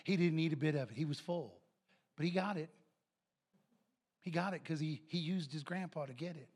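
A middle-aged man preaching a sermon, animated and telling family stories. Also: on the high side, moderate pace, breathy edge. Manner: animated, acts out family members' voices. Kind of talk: sermon with storytelling.

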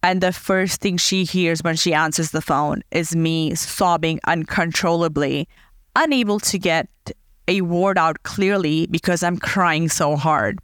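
Slow, smooth-voiced woman telling her story. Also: on the low side, no room sound, clean studio sound. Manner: earnest, heartfelt, unhurried. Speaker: podcast host. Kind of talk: reflective personal storytelling.

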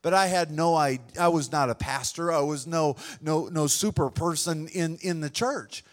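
A man's voice: fairly high pitch, moderate pace. A male pastor preaching a sermon to a room full of people, telling a story in an earnest, conversational way. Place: room with a congregation.

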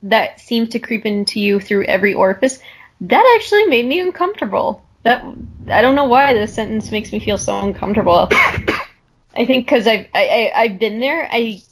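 A woman's voice: medium pitch, normal speed, slightly rough. A woman co-hosting a podcast in casual chat over a video call, thinking aloud and laughing easily.

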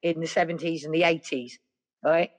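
A middle-aged woman, a podcast guest telling stories in a lively, casual way. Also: deep voice, a little fast. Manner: lively, acts out other people's voices. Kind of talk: casual storytelling.

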